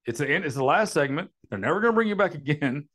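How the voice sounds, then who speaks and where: A man's voice: fairly high pitch, animated, fast, a bit bright. A man co-hosting a podcast in casual chat, rambling, trailing off and laughing often. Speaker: podcast co-host.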